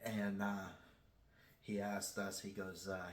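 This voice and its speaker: Low-voiced man rambling through a story. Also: level tone, reverberant. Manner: rambling, halting delivery with many restarts; self-described shy. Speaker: channel host. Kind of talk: casual personal storytelling.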